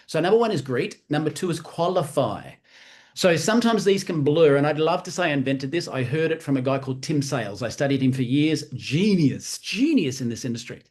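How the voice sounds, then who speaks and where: A man in a slightly higher register delivers a lively motivational training talk to a live audience. He hammers home key phrases by repeating them and slips into quick acted dialogue. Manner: acts out sales-call dialogue. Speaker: network marketing trainer.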